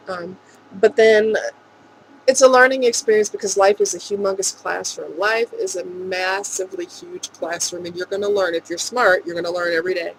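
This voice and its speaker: A woman speaking earnestly and emotionally in a rambling vlog monologue, with soft laughs. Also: medium pitch, a little hiss or hum, low-quality recording. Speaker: vlogger.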